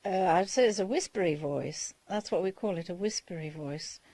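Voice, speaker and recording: A woman's voice: lowish voice, moderate pace, dark tone, no room sound. A woman researching electronic voice phenomena, speaking earnestly in an interview about her experiences. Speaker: EVP researcher. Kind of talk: interview testimony.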